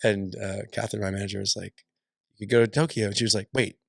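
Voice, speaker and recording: Dry, gravelly young man. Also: lowish voice, fairly even intonation, fast talker, no echo. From Alaska. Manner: dry, joking, rambling with many restarts. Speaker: musician guest. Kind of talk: casual interview chat.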